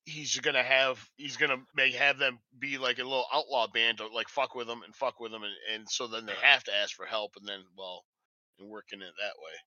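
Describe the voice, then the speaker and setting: A man's voice: mid-range voice, fairly even intonation, fairly quick, bright, forceful tone, no echo, highs cut off. A man co-hosting a podcast, rambling casually with fillers and the odd swear. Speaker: podcast co-host. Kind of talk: casual TV recap chat.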